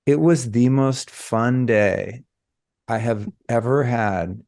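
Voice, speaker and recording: A man hosting a podcast, telling a personal story in a casual, reflective way with drawn-out phrases. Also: medium pitch, gravelly, a little mellow. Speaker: podcast host.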